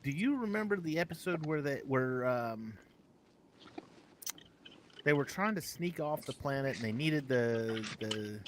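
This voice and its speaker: A man co-hosting a casual live show, talking in an animated, rambling way and often correcting himself mid-sentence. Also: mid-range voice, a little slow, pauses often, a little hiss or hum. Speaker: podcast co-host.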